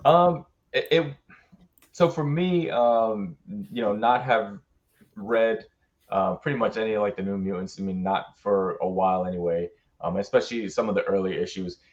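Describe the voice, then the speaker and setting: A man's voice: fairly low pitch, moderate pace. A man chatting casually about comics on a podcast, speaking hesitantly with many fillers. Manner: hesitant, lots of fillers and restarts. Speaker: podcast co-host. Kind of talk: casual comic book chat. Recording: dull lo-fi audio.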